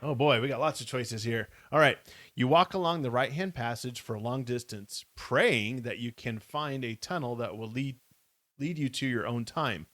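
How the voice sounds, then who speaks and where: A man's voice: medium pitch, moderate pace, a bit bright, dry recording. A man co-hosting a podcast who reads a kids' adventure book aloud steadily and adds wry comments. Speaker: podcast co-host. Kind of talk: casual live book reading.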